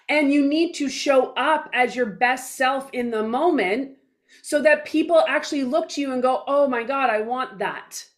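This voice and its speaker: A woman in her forties speaking as a guest in an interview, blunt and emphatic, with mild swearing and little acted-out dialogues in her stories. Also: sits high. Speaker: guest speaker, business coach. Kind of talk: casual interview talk.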